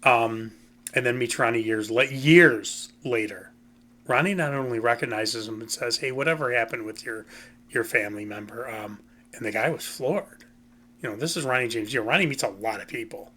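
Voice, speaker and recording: A man's voice: mid-range voice, moderate pace, sharp tone. A man hosting a casual music commentary, talking in a rambling, opinionated way and often saying "you know" and "um". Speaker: host.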